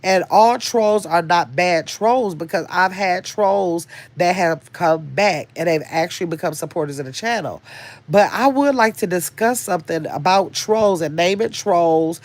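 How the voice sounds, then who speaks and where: A woman's voice: lowish voice, measured pace. An older woman hosting a casual livestream, chatting and rambling as she reads viewers' comments aloud. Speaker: livestream host reading chat.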